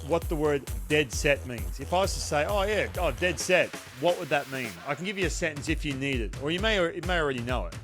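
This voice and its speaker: A man's voice: a little high, expressive, fast talker, few pauses, over music. A middle-aged man with an Australian accent, hosting a casual podcast chat in a playful, joking way that often breaks into laughter. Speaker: podcast host.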